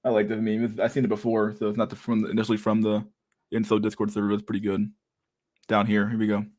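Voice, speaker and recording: A man's voice: fairly low pitch, completely flat delivery, fast talker, a little mellow. A young man chatting casually on a livestream, reading chat aloud, laid-back and crude, often laughing and mumbling to himself.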